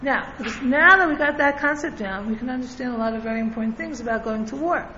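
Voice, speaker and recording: A woman's voice: sits high, quick pace, sharp tone, a little hiss or hum. A woman teaching a religious class in a conversational way, often checking in with "right?" and chuckling between points, with listeners in the room. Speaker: Torah teacher. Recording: echoey lo-fi room recording.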